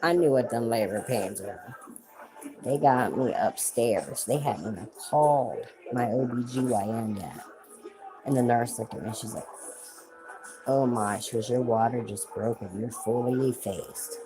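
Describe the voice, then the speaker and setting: A woman with a remarkably low voice tells family stories on a casual livestream. She talks in a chatty way and breaks off to greet viewers. Music plays clearly behind her. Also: a little slow, poor audio. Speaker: livestream host.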